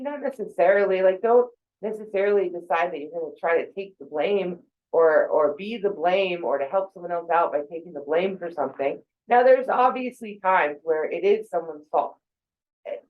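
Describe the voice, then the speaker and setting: Low-ish woman in her 40s chatting casually about thinking habits, lots of ums, muffled lo-fi sound. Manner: conversational, with fillers and acted-out quotes. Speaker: speaker on mental health.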